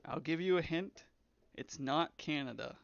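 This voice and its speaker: A man's voice: a little high, unhurried, vocal fry, no room sound. A young man who develops games, chatting casually on a live stream, rambling and reading chat aloud. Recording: slightly dull, lo-fi stream audio.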